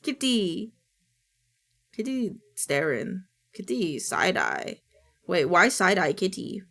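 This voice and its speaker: A young woman streaming, chatting casually and reacting to clips, high and loose, swearing and squealing. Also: very animated, slow, vocal fry, fairly bright tone. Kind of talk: casual chat reacting to videos.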